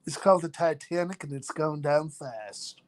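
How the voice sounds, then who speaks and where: A man's voice: fairly high pitch, lively intonation, normal speed, a little hiss or hum. A man hosting a casual live chat, reading out viewers' names, joking about himself and laughing often. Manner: laughs often between lines. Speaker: live stream host.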